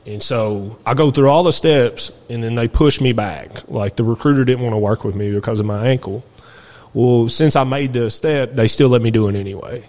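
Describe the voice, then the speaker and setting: A man's voice: medium pitch, normal speed, a little mellow. A young man, a podcast guest telling his life story in a candid, rambling way and swearing freely. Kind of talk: casual storytelling interview.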